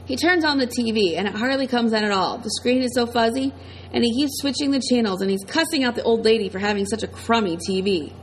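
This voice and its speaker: A woman's voice: fairly high pitch, animated, fast talker, a little hiss or hum, rough recording. Woman narrating an audiobook. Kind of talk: first-person audiobook narration.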